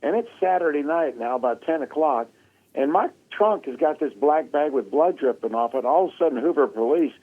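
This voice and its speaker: Casual Southern male guest spinning an animated yarn on radio. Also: a little high, brisk, phone-quality sound. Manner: animated storyteller, acts out quotes, laughs often. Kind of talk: casual storytelling chat.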